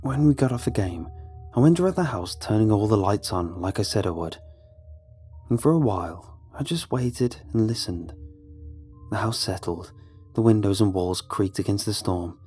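A man's voice: on the low side, lively intonation, normal speed, mellow, breathy edge, faint music behind. A man voicing a frightened young man, hollow and breaking. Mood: fearful. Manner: hollow, breaking into manic rambling. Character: frightened young man trapped by a storm, unraveling.

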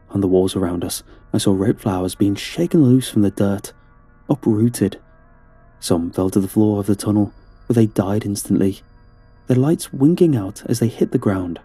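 A man's voice: on the low side, mellow, husky, no room sound. A man narrating a first-person horror story in a tense, dramatic storytelling manner.

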